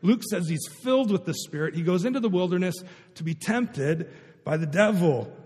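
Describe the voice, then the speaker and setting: Brief: male pastor, high voice, chatty sermon delivery, echoing sanctuary. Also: expressive, normal speed, a little mellow, breathy edge. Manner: conversational, asks the congregation questions. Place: church sanctuary. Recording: long hall reverb.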